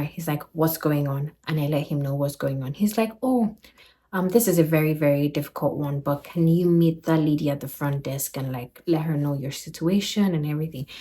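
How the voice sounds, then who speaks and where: A young Nigerian woman with a Nigerian accent, recounting her travels in a casual vlog and acting out the people she quotes. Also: low-pitched. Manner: animated retelling, acting out quoted voices. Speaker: vlogger.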